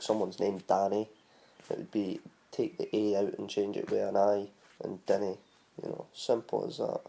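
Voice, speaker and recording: Scottish male vlogger, gravelly and dark-toned, rambling casual explainer. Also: fairly low pitch. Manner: chatty and rambling, spells words out letter by letter. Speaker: vlogger teaching Scottish words.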